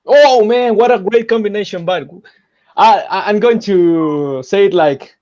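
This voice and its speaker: A man on a boxing talk panel, talking casually and haltingly, repeating words. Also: sits high, a little mellow. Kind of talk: casual chat. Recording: dull lo-fi sound.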